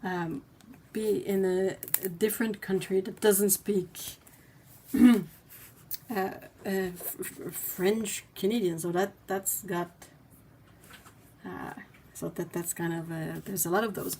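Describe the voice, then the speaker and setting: A woman's voice: mid-range voice, fairly even intonation, slow pace, warm tone, a little hiss or hum. A woman hosting a casual livestream, chatting and reading viewer comments aloud. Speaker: livestream host.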